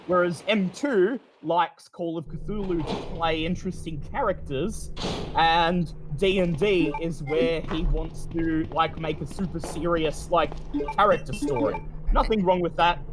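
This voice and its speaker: A man's voice: fairly high pitch, measured pace, music in the background. A man streaming a game, explaining at length in casual chat, with frequent restarts and fillers.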